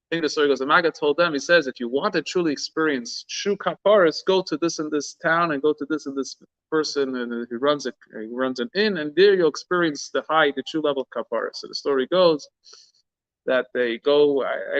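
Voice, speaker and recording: A man's voice: medium pitch, fairly bright tone, no echo. A man gives an informal Torah talk as a rabbi, earnest and searching for words, often restarting mid-thought and slipping in Hebrew and Yiddish terms. The recording is dull and lo-fi. The sound is dry, with no room around it. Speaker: rabbi teaching a class.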